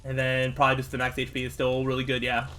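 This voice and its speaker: A young man giving casual let's-play commentary, frustrated and swearing at the game, with outbursts and low muttering. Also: completely flat delivery, quick pace, pushed and bright, soft background music. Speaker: gaming streamer.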